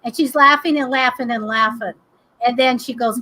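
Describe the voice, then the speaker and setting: A woman hosting a live psychic chat show, telling stories in a chatty, animated way. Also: on the high side, moderate pace, low-quality recording. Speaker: psychic host. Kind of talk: casual live-stream chat.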